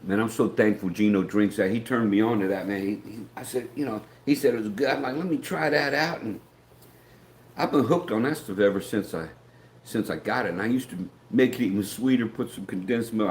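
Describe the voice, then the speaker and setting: A man's voice: on the low side, brisk, a little mellow, slight background noise. A middle-aged American man hosting a casual morning live stream, folksy and rambling, greeting viewers by name. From United States. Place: outdoors, filming on a gimbal. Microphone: handheld camera on a gimbal.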